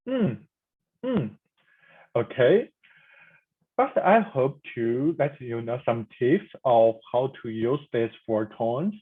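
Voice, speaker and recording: A man teaching a pinyin pronunciation lesson, speaking haltingly with frequent restarts and repeated demonstration sounds. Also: a little high, husky, narrow, tinny audio. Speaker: language instructor.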